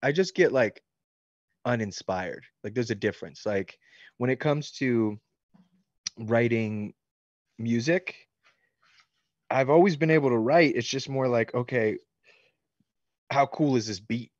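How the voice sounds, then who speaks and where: A man's voice: mid-range voice, a little slow, long pauses, no echo. Male author, 30s, casual rambling interview talk; dry, slightly muffled recording. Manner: loose and rambling, many likes and ums, laughs easily. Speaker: author answering fan questions.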